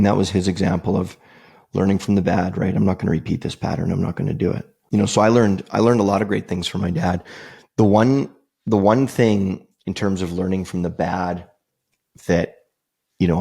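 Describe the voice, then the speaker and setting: A man's voice: low-pitched, fairly even intonation, brisk, gravelly, warm tone, husky. A man from Canada hosting a podcast, telling reflective personal stories in an earnest, conversational way and repeating key phrases for emphasis. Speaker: podcast host.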